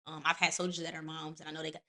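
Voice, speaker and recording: A blunt, outspoken woman who hosts the show and speaks from years as an Army NCO. She talks quickly and her voice is bright and sharp. She swears freely while she tells her stories. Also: low voice. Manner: blunt, profane, animated storytelling. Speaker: podcast host and Army NCO. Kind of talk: candid casual chat.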